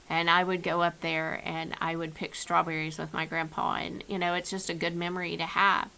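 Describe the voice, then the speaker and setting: At home with her dog nearby, a woman gives an informal devotional message, speaking earnestly and often repeating or restarting her words. Her voice is lowish, bright and forceful, and the audio is poor.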